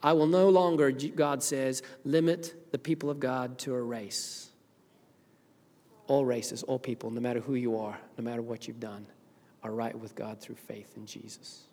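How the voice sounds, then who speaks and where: A middle-aged man with a Zimbabwean accent preaching a sermon as pastor, moving between loud, fervent preaching and quiet, earnest talk. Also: mid-range voice, fairly even intonation, unhurried. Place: church sanctuary. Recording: long reverb of a church hall.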